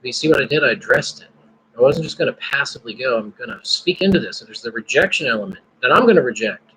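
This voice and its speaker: A man's voice: medium pitch, expressive, fast talker, a bit bright, a little hiss or hum, rough recording. A man hosting a casual live stream, musing and praying aloud between his thoughts. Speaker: podcast host.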